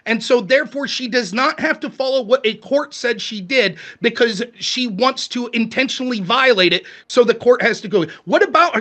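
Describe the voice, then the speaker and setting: A high-voiced man argues hard in a heated political debate, cutting in and firing questions with a sarcastic edge. His tone is bright and forceful, and he keeps pushing his opponent for answers. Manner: combative, interrupting, sarcastic.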